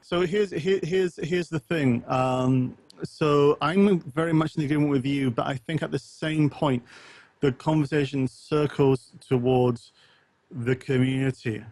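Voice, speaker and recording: A man's voice: a little high, fairly even intonation, unhurried, darkish tone. A man hosting a podcast, reading out chat comments and asking questions in a hesitant, casual way full of restarts. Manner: hesitant, many ums and restarts, reads chat comments aloud. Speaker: podcast host.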